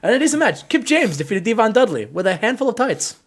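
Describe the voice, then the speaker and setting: High-voiced man narrating a wrestling game. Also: fast. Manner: animated, acts out promos in character voices. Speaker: game show host. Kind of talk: narrating a wrestling sim playthrough.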